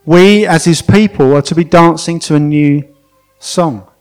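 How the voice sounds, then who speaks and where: A man, possibly middle-aged, preaching a sermon and telling a story with animated emphasis, often repeating words to stress them. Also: a little high, unhurried, smooth, faint music behind.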